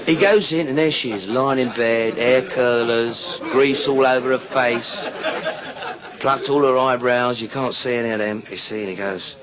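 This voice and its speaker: A man's voice: medium pitch, steady tone, moderate pace, poor audio. A man telling crude jokes on stage in a bawdy, conversational manner, recorded live. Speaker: comedian. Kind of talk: stand-up joke telling. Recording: live show with laughing crowd. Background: audience laughter.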